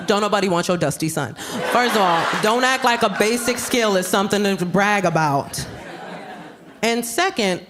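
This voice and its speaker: A woman with a New York accent performing live stand-up comedy, brash and animated, with sudden loud jumps on her punchlines. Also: medium pitch, brisk. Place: comedy club stage with audience. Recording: live club recording with room noise.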